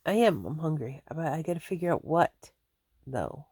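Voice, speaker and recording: A woman's voice: low-pitched, sing-song, normal speed, a little mellow, breathy edge, dry recording, studio quality. A woman chatting casually to her viewers from home, rambling and laughing often. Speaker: vlogger. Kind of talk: casual chat to camera.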